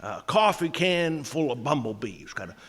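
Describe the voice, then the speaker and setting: A man's voice: mid-range voice, sing-song, normal speed, fairly bright tone, breathy edge. A man with a Maine accent telling a comic folk story in a dry, drawling way, full of local sayings. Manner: dry, folksy, drawling delivery. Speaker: humorist storyteller.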